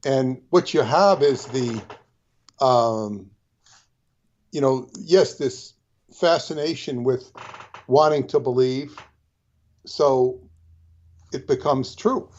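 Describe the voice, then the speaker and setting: A man speaks slowly and deliberately, pausing often to find his words. His voice sits at an ordinary middle pitch, and the recording sounds muffled and lo-fi. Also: darkish tone. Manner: measured, halting, with frequent ums. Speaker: co-host. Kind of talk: discursive commentary. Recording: dull lo-fi line.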